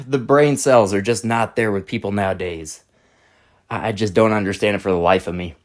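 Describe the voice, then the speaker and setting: A man's voice: on the low side, moderate pace. A man hosting his channel, delivering an exasperated, blunt monologue to camera in casual slang. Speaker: channel host.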